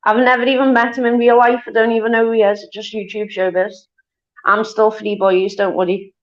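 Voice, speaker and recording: A woman's voice: medium pitch, little pitch movement, a little fast, muffled recording. A woman with a Liverpool accent chatting as a guest on a casual livestream, blunt, defiant and swearing.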